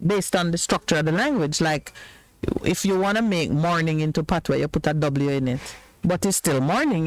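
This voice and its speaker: A man's voice: fairly high pitch, dry recording, rough recording. A Jamaican man hosting a radio talk show, chatting casually and laughing often.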